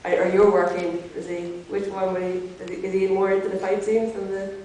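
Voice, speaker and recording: A woman's voice: mid-range voice, little pitch movement, fairly quick, a little mellow, slight background noise. Hesitant fan woman in a hall. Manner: hesitant, restarting. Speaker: fan asking questions. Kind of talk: audience question. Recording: echoey hall from far off.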